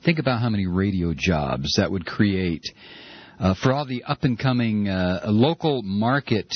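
Husky, sarcastic male talk radio host. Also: lowish voice, lively intonation, moderate pace, dry recording. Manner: ranting, sarcastic, with mocking voices. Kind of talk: opinionated talk radio monologue. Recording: dull lo-fi radio broadcast.

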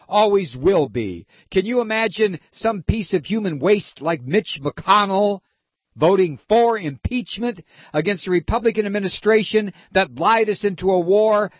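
A man's voice: sits high, no echo, dull audio. A man hosting political talk radio, ranting with sarcasm and profanity.

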